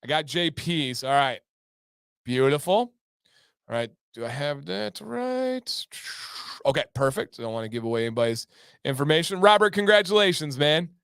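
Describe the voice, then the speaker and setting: An upbeat man hosting a casual livestream, chatting with his viewers in a playful way. His voice sits high and comes across smooth and resonant. The sound is close and dry, with no room echo. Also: expressive, moderate pace, fairly bright tone. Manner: upbeat, reads chat aloud and breaks into playful raps. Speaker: livestream host.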